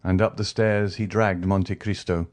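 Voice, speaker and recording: A man narrating an audiobook in a steady, dramatic reading voice. His pitch sits slightly low. The delivery is scripted and controlled throughout. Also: a little slow.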